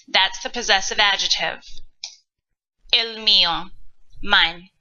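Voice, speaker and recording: A woman teacher giving a recorded grammar lesson, explaining slowly and patiently with casual asides. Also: mid-range voice, bright, forceful tone. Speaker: Spanish teacher. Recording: dull lo-fi recording.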